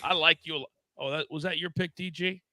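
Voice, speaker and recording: A man runs a live sports betting show with loose, teasing banter. His voice is very bright and forceful, pitched a little high. The sound is dry and close. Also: quick pace, dry recording. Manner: lively, teasing banter with co-hosts and chat. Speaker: show host.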